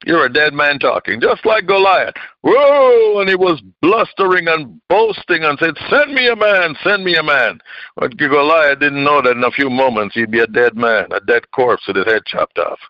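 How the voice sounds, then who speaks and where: A man preaching a sermon in an emphatic, call-and-response style, tossing questions out to his listeners. His voice sits at an ordinary middle pitch. The recording is dry and a little dull, as if captured on modest gear. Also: normal speed, hardly any pauses, no echo.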